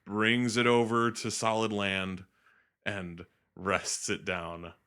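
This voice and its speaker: Lively low-voiced man recapping a movie. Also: takes it slowly, clean tone. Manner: animated, swearing, acts out characters. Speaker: co-host. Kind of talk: casual movie recap chat.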